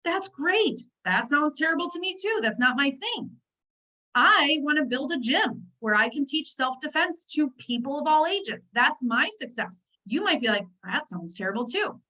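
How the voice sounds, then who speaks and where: This network marketing team trainer, a woman with a high voice, hosts an upbeat training over video call. Her delivery is lively and conversational, peppered with asides to the group, at an ordinary pace, and the sound quality is poor.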